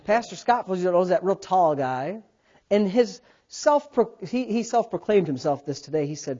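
A man preaching a sermon as pastor, swinging between loud bursts and quiet asides. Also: high-pitched, animated, moderate pace. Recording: dull lo-fi sound.

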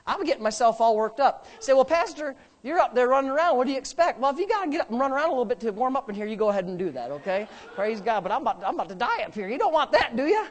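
Here a male pastor delivers an emphatic sermon in a church sanctuary. His voice rises in loud bursts and drops into low, joking asides.

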